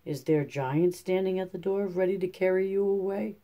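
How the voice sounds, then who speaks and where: A man reads the part of a fatherly old king, firm and commanding, pitched a little above his own narration. The timbre stays dark and mellow, as in a storybook reading. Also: fairly quick, muffled recording. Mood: concerned.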